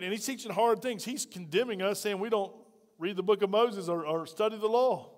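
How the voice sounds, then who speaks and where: A man preaching a sermon from a lapel mic, talking conversationally and acting out the quotes he reads, swinging between loud bursts and quiet asides. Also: high-pitched, brisk, long reverb tail. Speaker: pastor. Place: church hall.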